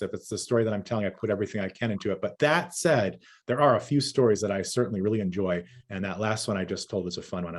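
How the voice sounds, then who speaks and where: A man who is a storyteller, telling a traditional tale and answering questions in a rhythmic, measured way over a video call. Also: low voice, a little mellow. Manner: rhythmic, measured, lingers on native words.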